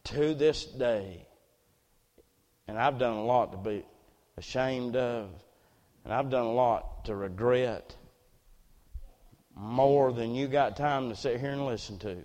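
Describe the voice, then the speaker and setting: A man preaching a sermon as personal testimony, earnest storytelling that drops to near hushes and rises again. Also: mid-range voice, takes it slowly, pauses often, long reverb tail.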